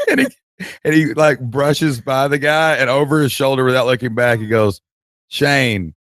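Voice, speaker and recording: Male podcast co-host, animated storyteller, mid-pitched, dry close sound. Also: normal speed, dry recording. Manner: animated, acts out voices, laughs mid-story. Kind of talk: casual storytelling chat.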